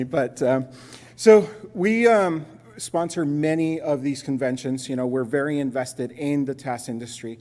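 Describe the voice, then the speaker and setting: A man from Los Angeles presenting at a conference, telling a joking story in an animated way. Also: on the high side, a little slow. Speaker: sponsor presenter. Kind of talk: conference talk with anecdote. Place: conference hall. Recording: reverberant conference hall.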